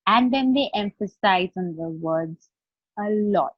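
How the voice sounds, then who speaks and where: Leading a live online coaching session by video call, this life coach speaks with an Indian English accent, chatting, explaining things step by step and regularly checking in with her audience. Her mid-range, slightly husky voice is animated but slow-paced. The sound is close and dry without room echo, and the call audio is dull and lo-fi.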